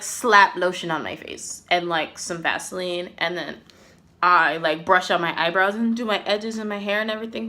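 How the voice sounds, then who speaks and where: A young adult woman telling a casual storytime to her vlog viewers, chatty and animated, filling her talk with "like" and "literally". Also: a little high. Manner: chatty, filler-heavy with many "like"s and "literally"s; animated, swinging between exasperated and laughing. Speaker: vlogger.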